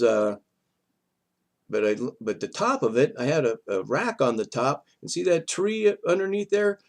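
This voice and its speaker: A gravelly, mid-range voice belongs to an older man hosting a vlog and telling a personal story. He talks casually and animatedly, meandering and restarting his thoughts haltingly.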